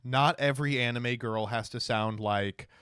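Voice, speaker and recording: A man's voice: medium pitch, moderate pace, a bit bright, clean tone, no echo, studio quality. A man streaming casual reaction commentary, exasperated and sarcastic, swearing at his chat.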